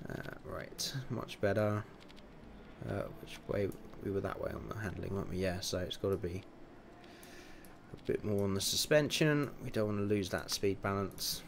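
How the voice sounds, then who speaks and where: A young man in his twenties with a fairly low voice, talking through a livestream in a loose, chatty way. He mutters to himself as he tweaks settings and drops in chuckling asides. There is a clear hum of background noise under his voice. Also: normal speed. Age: 20s. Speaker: livestream gamer. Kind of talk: casual livestream commentary.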